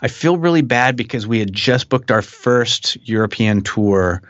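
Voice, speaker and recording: Middle-aged male musician guest, easygoing anecdotes with laughs, middle pitch, muffled dry podcast audio. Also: unhurried, no echo. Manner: relaxed storyteller, chuckling, frequent restarts. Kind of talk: casual interview chat.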